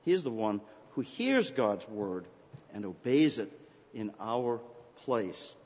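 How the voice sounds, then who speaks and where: A man's voice: fairly low pitch, big pitch swings, slow pace, darkish tone. A man preaching a sermon, explaining scripture earnestly and lifting his voice when he reads the verses aloud. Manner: earnest, rising to emphatic scripture readings. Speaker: pastor. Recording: dull recording in a reverberant hall.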